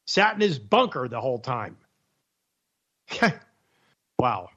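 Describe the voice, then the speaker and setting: A male talk radio host delivers a sarcastic, mocking monologue about the news, laughing at his own jokes. His medium-pitched voice is sing-song, slow, and sharp in tone, heard through dull lo-fi radio audio.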